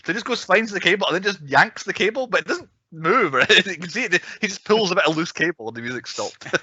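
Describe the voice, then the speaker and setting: A man's voice: sits high, expressive, fast talker, bright, forceful tone, breathy edge, no echo, lo-fi sound. A man co-hosting a podcast, chatting casually about a film and laughing often. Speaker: podcast co-host. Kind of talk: casual chat reviewing a film.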